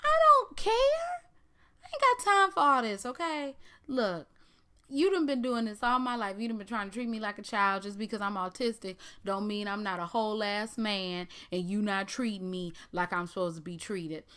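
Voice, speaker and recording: A woman voicing a brash, defiant young man who shouts his indignant complaints. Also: medium pitch, normal speed, clear, resonant tone, close to an everyday voice.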